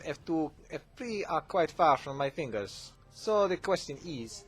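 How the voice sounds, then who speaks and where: A man playing a keen Spanish beginner, mock Spanish accent, higher pitch. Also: husky. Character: eager male Spanish viewer, a newcomer.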